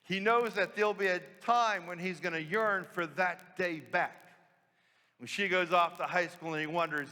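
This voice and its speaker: A priest giving a homily and telling a story with rhetorical questions. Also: male voice, sits high, normal speed, sharp tone. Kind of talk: sermon storytelling. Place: church. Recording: long church reverb.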